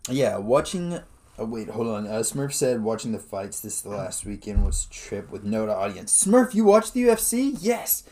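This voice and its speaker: A man co-hosting a podcast in casual chat, animated and laughing often, calling people dude and man. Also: lowish voice, moderate pace. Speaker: podcast co-host.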